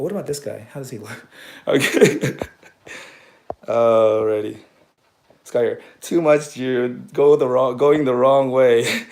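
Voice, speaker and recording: A man's voice: medium pitch, darkish tone, roomy sound. Chatty man grooming a dog. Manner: rambling, self-mocking, laughs at his own jokes. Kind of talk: casual livestream chat while grooming.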